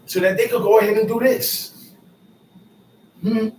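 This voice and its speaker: Bible teacher, male, slangy paraphrasing, higher voice, distant roomy recording. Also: unhurried. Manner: explains verses in casual slang, repeats and paraphrases, lively rises. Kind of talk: street-style scripture teaching. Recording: roomy echo, far from mic, faint noise.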